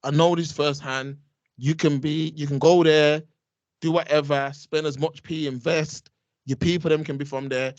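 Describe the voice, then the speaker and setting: A man's voice: fairly high pitch, fairly even intonation, normal speed, darkish tone, no room sound, muffled recording. Emphatic young English man, heavy. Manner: emphatic, repeats his points, street slang. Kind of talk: casual chat.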